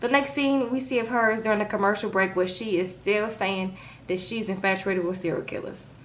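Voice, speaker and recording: A woman recapping a reality TV episode in a casual vlog, talking in an animated, sassy way, acting out quotes and tagging her lines with "okay?". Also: mid-range voice, brisk, a little hiss or hum.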